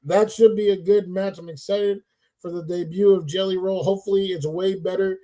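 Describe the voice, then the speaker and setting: A man hosts a casual sports talk show with a high, mellow voice. He keeps things playful, hyping the show and stretching out his shout-outs to the audience. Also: steady tone, moderate pace, poor audio. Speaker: podcast host.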